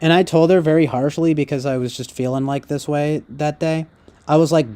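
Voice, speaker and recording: Man, casual rant, rambling, swearing a lot, slightly high voice. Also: steady tone, a little fast, warm tone. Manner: rambling, profane, heavy fillers. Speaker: streamer.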